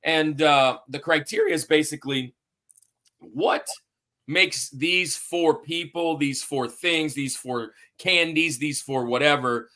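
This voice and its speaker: A man's voice: on the high side, takes it slowly, sharp tone. A man hosting a sports podcast in an upbeat, hype-building, somewhat rambling way. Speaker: podcast host.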